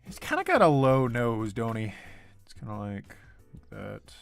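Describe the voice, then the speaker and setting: Animated young man chatting while drawing. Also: mid-range voice, measured pace, gravelly, no room sound, soft background music. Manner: animated, reads chat aloud, laughs often. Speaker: artist streaming his drawing. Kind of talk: casual livestream chat while drawing.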